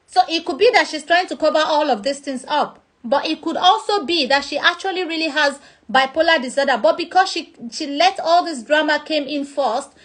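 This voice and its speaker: In a relaxed vlog, a Nigerian-accented woman talks through a subject conversationally and performs little acted-out examples. Her voice is high and fairly bright.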